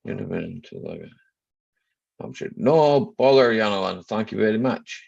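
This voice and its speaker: A man's voice: on the low side, big pitch swings, measured pace, vocal fry, a little mellow. A middle-aged Scottish man hosting a casual live chat from home, greeting viewers by name and joking. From Scotland. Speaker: live stream host. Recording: slightly dull lo-fi live stream audio.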